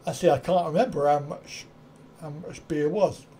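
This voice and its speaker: A man's voice: a little high, normal speed, warm tone, slight background noise. A middle-aged man hosting a live stream, chatting casually in reply to viewer comments and often chuckling at his own wry, self-mocking asides. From United Kingdom.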